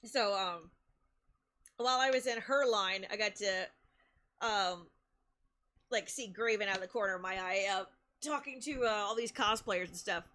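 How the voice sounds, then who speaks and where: A woman streamer telling stories in a casual, animated way, laughing often and restarting her sentences. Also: medium pitch, normal speed, pauses often. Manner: chatty, with many restarts and fillers. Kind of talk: casual live-stream storytelling.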